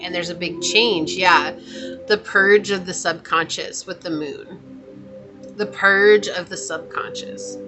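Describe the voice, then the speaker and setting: A woman giving a casual spoken tarot reading, chatty and reassuring, with many fillers and restarts. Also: on the low side. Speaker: tarot reader. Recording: music playing behind the voice.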